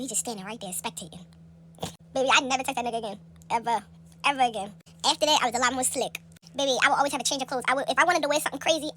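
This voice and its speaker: Speaking at breakneck speed in a high, bright voice, a young woman races through a casual storytime. She's animated and profane, packed with slang, and she jumps into a squeaky register to play the people in her tale. She's caught on a phone held close, with slight background noise.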